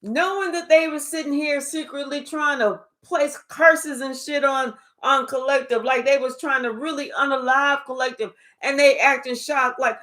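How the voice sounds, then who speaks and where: A tarot reader with a high, bright voice speaks at normal speed with hardly any pauses. Her reading is a blunt, emphatic monologue full of swearing and rhetorical questions aimed at her listener.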